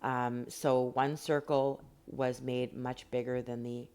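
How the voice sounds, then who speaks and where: This Canadian woman teaches rock painting from her home, her voice extremely low, level, slow and a little mellow. Her casual tutorial narration is chatty and rambling, full of fillers.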